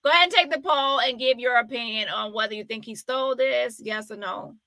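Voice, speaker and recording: A woman's voice: a little high, fairly quick, sharp tone, no echo. A woman hosting a casual live-stream commentary, chatty and often exclaiming as she talks. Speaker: commentary host.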